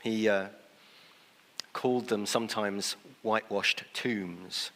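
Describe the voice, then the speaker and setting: A man's voice: on the low side, steady tone, slow, a bit bright. A man preaching a sermon in a conversational way, sometimes acting out the people he quotes. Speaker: pastor. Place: church. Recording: long church reverb.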